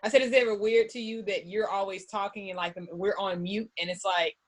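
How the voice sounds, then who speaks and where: A woman's voice: mid-range voice, fairly even intonation, a little fast. A woman in the class asking a curious, joking question on a video call. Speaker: class participant.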